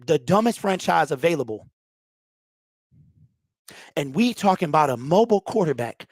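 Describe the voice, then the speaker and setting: A man's voice: high-pitched, no echo, studio quality. A man hosting a postgame fan call-in show, ranting in a heated, exasperated way and repeating himself.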